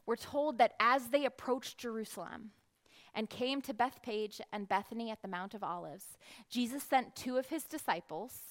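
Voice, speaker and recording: Woman, high voice, Bible reading and explanation, animated, acts out shouts. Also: normal speed. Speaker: children's Bible teacher.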